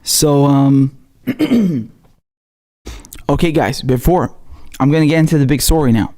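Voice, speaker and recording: A man's voice: fairly high pitch, expressive, measured pace, mellow. A man hosting a political commentary livestream, chatting loosely with viewers in a slangy, repetitive, off-the-cuff way. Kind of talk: casual livestream chat.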